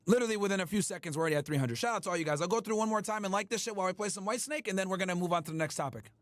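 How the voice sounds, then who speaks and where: A man hosting a livestream, ranting at his chat in a loud, profane, emphatic way. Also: high-pitched, racing, no room sound, clean studio sound, soft background music. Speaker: livestream host. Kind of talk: casual livestream rant.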